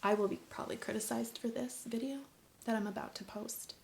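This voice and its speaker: A woman's voice: fairly high pitch, fairly even intonation, a little fast, vocal fry, a little hiss or hum. A middle-aged woman talking straight to camera about her family, earnest and preachy, often dropping into a whisper for emphasis. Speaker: vlogger, mother. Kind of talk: emotional personal vlog monologue.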